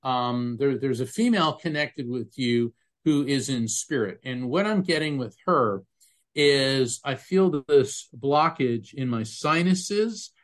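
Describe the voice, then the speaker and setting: In a conversational interview, a medium who used to be an attorney tells stories in an earnest, emphatic way and vividly describes physical sensations. His medium-pitched voice has lively intonation, and he speaks slowly.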